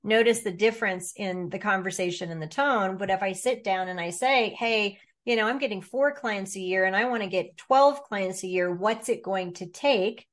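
Energetic woman coaching a workshop group. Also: mid-range voice, normal speed, few pauses. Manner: energetic, acts out inner voices with playful quotes. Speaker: business coach leading a group session.

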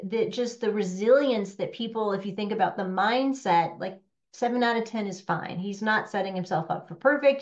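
A woman business coach talking to a workshop room, animated and conversational, often checking in with "right?". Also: medium pitch, muffled recording.

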